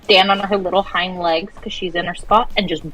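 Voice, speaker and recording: Lower-voiced woman telling pet stories. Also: a little fast, poor audio. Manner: animated storyteller who acts out her pets. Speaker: co-host of an animation stream. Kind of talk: casual chat.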